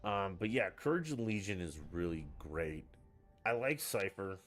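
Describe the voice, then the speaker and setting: A man's voice: sits low, sing-song, unhurried, soft background music. A man chatting casually on a live game stream, rambling and swearing freely after a few drinks. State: has been drinking.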